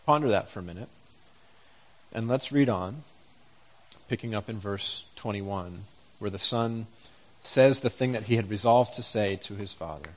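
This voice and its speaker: A man's voice: lowish voice, normal speed, long pauses. A man preaching a sermon, reading scripture aloud and asking the congregation reflective questions.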